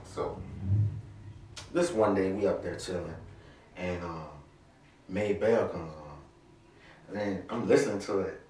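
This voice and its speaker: A man's voice: low-pitched, measured pace, long pauses, darkish tone, recorded from a distance, slight background noise. A young man chatting casually with friends in a sheepish, laughing, slangy way. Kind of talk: casual chat among friends. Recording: echoey room, off-mic.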